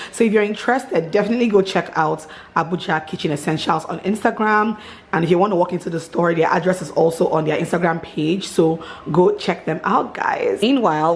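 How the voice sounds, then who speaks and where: A woman's voice: on the low side, breathy edge. A woman, chatting casually to her vlog audience, gushing and laughing often. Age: 30s. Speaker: vlogger.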